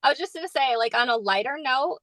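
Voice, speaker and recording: A woman's voice: high-pitched, animated, fast, a bit bright, no echo, poor audio. A woman author chatting on a podcast, talking in an earnest, reflective, spiritual way. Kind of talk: casual podcast chat.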